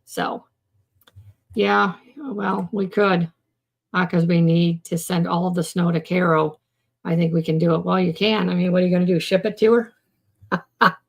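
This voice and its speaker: Chatting with commenters on her casual live stream about mental health, a woman rambles and keeps restarting, filling her sentences with "um" and "you know." Her voice is fairly low and gravelly, level in tone, at a normal speed.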